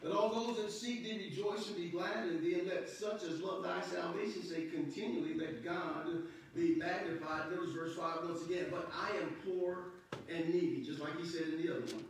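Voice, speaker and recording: A male pastor with a fairly high voice delivers a fervent sermon, quoting old scripture and swelling into loud, impassioned passages. He is picked up from across a church sanctuary, so his words ring with heavy echo. A faint hiss sits under the room sound. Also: steady tone, moderate pace. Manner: preaching in King James scripture readings, rising and shouting passionately in bursts. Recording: echoey church hall from far off.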